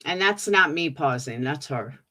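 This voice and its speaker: A woman's voice: low voice, expressive, normal speed, bright, forceful tone. A woman streamer giving sarcastic, mocking commentary on clips.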